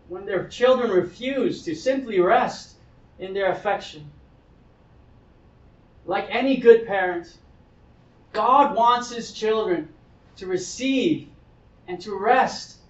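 High-voiced pastor in an echoey hall. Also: male voice. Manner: earnest preaching with acted-out child voices. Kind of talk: sermon. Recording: echoey hall, speaker far from mic, dull sound.

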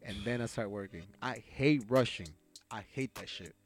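A young man co-hosting a casual podcast chat, animated and swearing freely, often mimicking other people in high voices. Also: moderate pace. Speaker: podcast co-host.

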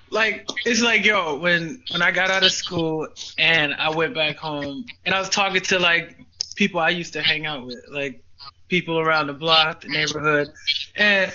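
High, bright-voiced man, loose and profane. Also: measured pace. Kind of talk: casual podcast chat. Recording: dull lo-fi with faint hiss.

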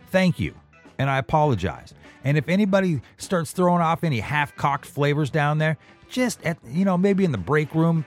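A man in his forties hosting a podcast, talking in a rambling, self-deprecating monologue full of restarts. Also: medium pitch. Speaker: podcast host. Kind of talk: casual monologue.

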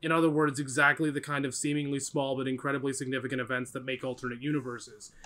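A man co-hosting a casual podcast chat, animated and steering the topics. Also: mid-range voice, fast talker. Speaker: podcast co-host.

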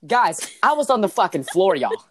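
A woman's voice: mid-range voice, moderate pace. A young woman hosting a podcast, telling stories with a voice that swoops up and down. She talks loosely, swears often and laughs her way through her anecdotes. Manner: animated storyteller, swears freely. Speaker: podcast host. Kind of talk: casual chat.

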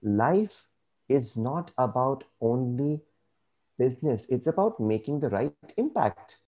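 A man speaking as an interview guest, earnest and measured, giving reflective advice. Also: medium pitch, animated, warm tone, muffled recording.

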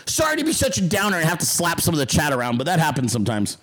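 A man's voice: fairly high pitch, huge pitch swings, racing, a bit bright. A man hosting a casual livestream show, talking bluntly and with lots of swearing, and mocking his critics in put-on voices. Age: adult. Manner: blunt, profane, combative; mocks callers in put-on voices. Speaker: podcast host.

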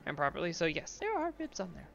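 A woman, narrating as game master in a relaxed, chatty way. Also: on the low side, fast talker, vocal fry, muffled recording.

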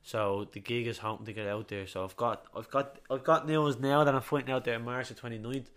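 A young Irish man, a boxer, telling stories in a casual interview, chatty and quick to swear. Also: mid-range voice, steady tone, a bit bright, clear, resonant tone. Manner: rapid, chatty, swears freely, repeats itself. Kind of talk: casual chat, storytelling.

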